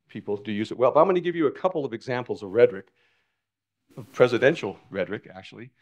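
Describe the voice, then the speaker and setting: An older man addresses an audience in a lecture hall. His voice sits in an ordinary male pitch range. He talks with animated emphasis, often stopping to restart a word or phrase. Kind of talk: public lecture.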